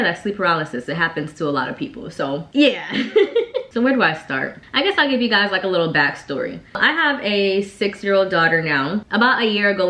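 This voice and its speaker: A woman's voice: mid-range voice, fairly bright tone. A woman vlogger telling a personal story in a casual, chatty way, full of "like" fillers. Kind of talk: casual storytime while getting ready. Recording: echoey room.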